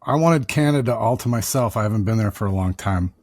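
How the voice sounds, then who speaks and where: A man's voice: lowish voice, expressive, fast talker, a little mellow, dry recording, clean studio sound. A man co-hosting a casual podcast over a video call, talking in a loose, rambling way and repeating words. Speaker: podcast co-host and musician.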